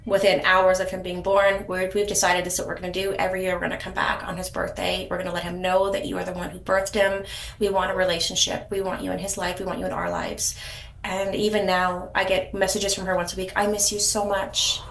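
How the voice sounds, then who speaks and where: A woman's voice: fairly low pitch, level tone, fast talker, vocal fry, roomy sound. Chatty woman telling her story. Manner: warm storytelling, frequent restarts and repeated words. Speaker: podcast guest, surrogate. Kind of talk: casual interview chat.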